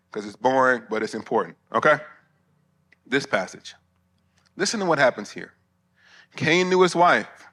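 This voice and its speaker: Middle-aged man, bright sharp tone, conference talk full of jokes and asides to the room. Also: medium pitch. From Alabama, US. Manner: humorous, conversational, with asides to the crowd. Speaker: preacher and theologian. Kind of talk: conference sermon. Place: conference hall before pastors.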